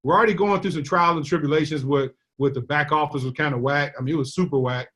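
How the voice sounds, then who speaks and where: A man tells his team a business story. He slips into the voices of the people he quotes, full of animated energy. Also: fairly high pitch, quick pace. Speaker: network marketing leader.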